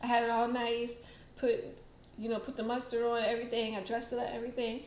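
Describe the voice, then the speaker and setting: A woman's voice: fairly high pitch, monotone, quick pace, a little mellow, slight background noise. Chatty woman host in an echoey room. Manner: chatty, rambling, many fillers and laughs. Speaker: tarot channel host. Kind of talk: casual livestream chat.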